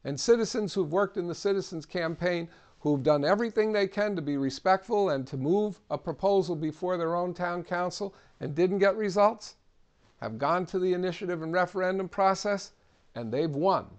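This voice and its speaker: A man leads an instructional civics session in a plain, practical manner. His voice sits a touch higher than most men's, and he talks with steady encouragement. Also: normal speed. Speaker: civic trainer. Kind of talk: instructional talk.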